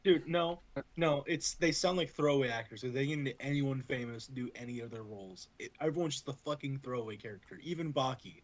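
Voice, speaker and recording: A man playing on a tabletop game stream, chatting casually over a voice call, enthusiastic and quick to swear. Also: mid-range voice. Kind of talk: casual chat between friends. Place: online voice call.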